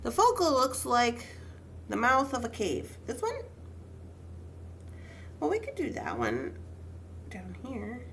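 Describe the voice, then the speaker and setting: A young pregnant woman runs a casual livestream, beading jewelry while chatting to viewers, greeting them by name and talking to herself as she works. Her fairly bright voice sits on the high side with huge pitch swings, and she goes slowly with frequent pauses over a little hiss or hum.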